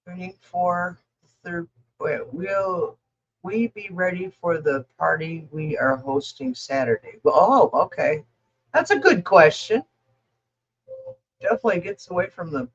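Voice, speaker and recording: A woman's voice: fairly low pitch, muffled recording. A woman reading tarot cards for viewers in a casual livestream, rambling, blunt and emotional as she talks to the chat. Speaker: tarot reader answering viewer questions.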